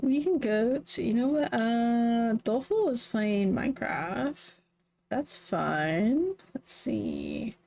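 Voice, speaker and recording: A woman's voice: a little high, wildly swooping pitch, slow, gravelly, warm tone. A woman from the Southern United States streaming live, chatting casually in a meandering way with many fillers. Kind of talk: casual chat.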